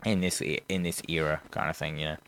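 Rambling, swearing man with a smooth voice. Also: very deep voice, fairly even intonation, fast talker, fairly bright tone. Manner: rambling, swears freely, lots of fillers and slang. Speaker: podcast co-host. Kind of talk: casual film recap chat.

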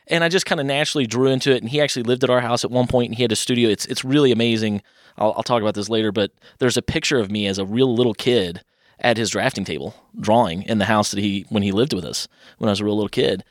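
Fast-talking man telling stories. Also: medium pitch, no echo, studio quality. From Louisville, Kentucky. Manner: chatty, rambling, animated voices for quoted people. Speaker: podcast guest, artist. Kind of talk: casual interview storytelling.

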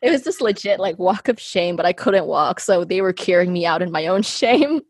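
A woman's voice: lowish voice, expressive, normal speed, a little mellow, husky, no room sound, studio quality. A young woman hosting a podcast, telling a story in a casual, chatty way and filling her talk with "like" and "um.". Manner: chatty, filler-heavy, uses "like" constantly. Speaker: podcast host.

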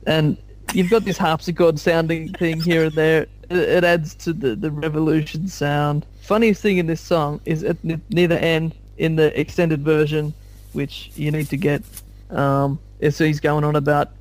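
A man in a casual music discussion, animated and jokey, often laughing at his own stories. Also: fairly high pitch, normal speed. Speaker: podcast panelist called Captain.

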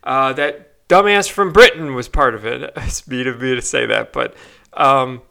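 A man's voice: mid-range voice, measured pace, creaky, sharp tone. A young man ranting on a solo podcast, swearing often and stumbling through fillers and restarts. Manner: profane, frustrated ranting with frequent fillers and restarts. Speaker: podcast host.

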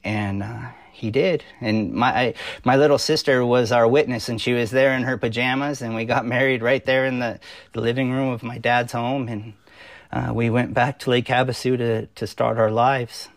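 A pastor in his forties tells his life story as a podcast guest, earnest and unpolished, stopping often on fillers and restarting his sentences. His voice sits at an ordinary middle pitch for a man, and it is recorded close and dry with no room sound. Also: steady tone, moderate pace, dry recording. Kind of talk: personal testimony in a podcast interview.

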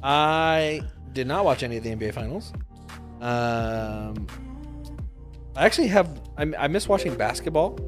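A man co-hosting a casual podcast, animated, swearing freely and laughing easily. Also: medium pitch, normal speed, faint music behind. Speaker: podcast co-host. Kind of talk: casual chat.

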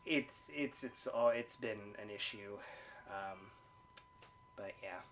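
A man's voice: fairly low pitch, takes it slowly, a bit bright, slight background noise. A man from the United States co-hosting a casual chat, laid-back, swearing and laughing often. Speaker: podcast co-host.

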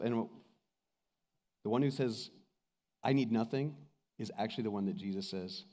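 Animated male pastor in a reverberant hall. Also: mid-range voice, normal speed. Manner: animated storytelling, acts out quoted voices. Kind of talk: sermon.

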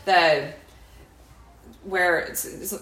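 A woman's voice: lowish voice, drawn-out words, fairly bright tone. Rambling woman podcaster, echoey room. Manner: rambling, self-interrupting, laughs while telling stories. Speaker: podcast co-host. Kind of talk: casual chat, storytelling.

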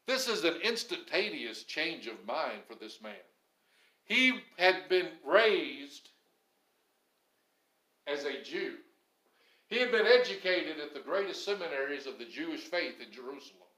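A man preaching a sermon as pastor, stressing some phrases loudly and dropping others low and quiet. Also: sing-song, measured pace, echoey room, low-quality recording. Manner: emphatic, swings between loud stresses and low quiet phrases.

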